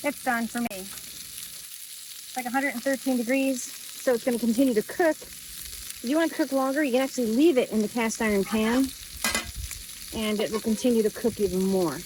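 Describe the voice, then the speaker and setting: Casual cooking vlogger, a woman with a fairly high voice, talking through each step outdoors. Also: normal speed, pauses often, noisy background. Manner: chatty, thinking aloud while cooking. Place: outdoors by a camper.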